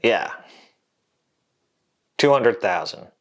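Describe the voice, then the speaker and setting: A man's voice: on the low side, animated, drawn-out words. A man hosting an educational science vlog, explaining in a casual, jokey way with asides to the viewer. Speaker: host.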